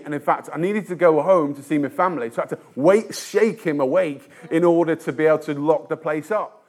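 Guy preaching, kinda high voice, chatty storytelling, lots of uh and restarts, pokes fun at himself. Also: brisk, a little mellow. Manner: storytelling, with frequent hesitations and restarts; conversational and self-deprecating. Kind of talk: sermon.

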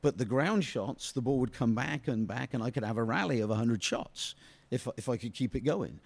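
This storytelling interview features a British ex-soccer player in middle age, rambling through long anecdotes and padding them with constant "you know"s. He speaks at a medium pitch with vocal fry, captured in a dry recording.

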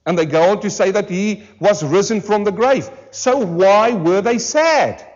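A pastor preaching a sermon to a church congregation, emphatic and full of rhetorical questions, slowing down hard on key words. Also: male voice, high voice, dull audio. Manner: emphatic, with rhetorical questions and slowed, drawn-out stresses. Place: church service.

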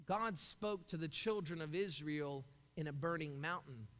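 Male preacher with a bright, sharp tone. Emphatic sermon delivery, recorded in a reverberant hall. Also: on the high side, measured pace. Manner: emphatic, asks rhetorical questions.

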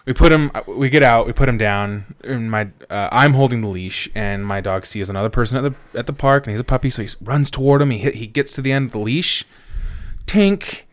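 A man's voice: medium pitch, brisk. Laughing man telling a story. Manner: laughing, swearing, animated storyteller. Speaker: podcast co-host. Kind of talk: casual storytelling chat.

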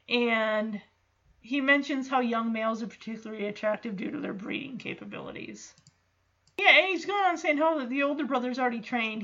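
A woman recaps a film in a casual, exasperated, chatty way. Her voice is bright and crisp. The recording sounds muffled and lo-fi. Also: fairly high pitch, fairly quick. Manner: exasperated, chatty, reacts to the story. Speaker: movie recap host. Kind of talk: casual movie recap commentary.

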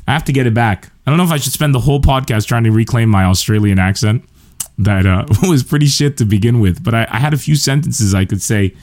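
A man's voice: mid-range voice, quick pace, a little mellow. A man hosting his comedy podcast, talking straight to listeners in a rambling, self-mocking, chatty way. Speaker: podcast host. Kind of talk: casual comedic monologue.

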